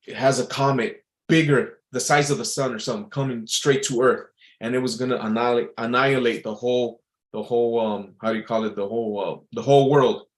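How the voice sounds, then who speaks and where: A man rambles through a casual monologue, stopping and restarting as he reads out quotes. His voice sits at an ordinary middle pitch. He circles back over the same words before moving on. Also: poor audio. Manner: loose, repetitive, with frequent restarts and filler; reads out quotes and muses on them.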